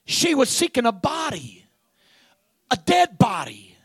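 High, animated shouting preacher. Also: male voice, slow, gravelly, husky, no room sound. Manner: dramatic, swinging from hushed to shouting, with repeated amens. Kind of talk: sermon.

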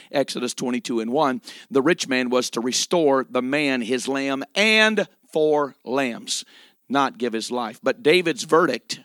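Slow, emphatic male preacher. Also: mid-range voice, fairly bright tone, dry recording, studio quality. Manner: emphatic, with dramatic pauses and repeated phrases. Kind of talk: sermon.

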